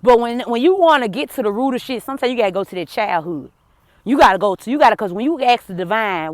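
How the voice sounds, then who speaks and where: A woman talks straight to her viewers in a fairly high voice, calling them friend and swearing freely. She swings between heated, raised outbursts and quiet, hushed stretches. The sound is dry and close, with no room echo. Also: animated, quick pace. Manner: blunt, cursing, addresses viewers as friend. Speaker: vlogger. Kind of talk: emotional personal storytelling to camera.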